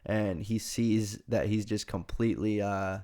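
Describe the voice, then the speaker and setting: A young man hosting a podcast, telling a funny story in a casual, animated way and laughing often. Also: on the low side, measured pace. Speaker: podcast host.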